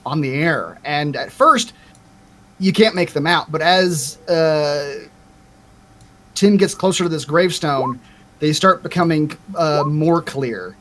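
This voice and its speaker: Higher-voiced man narrating a tabletop game. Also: takes it slowly, a bit bright, slight background noise. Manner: hesitant, with frequent fillers. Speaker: game master.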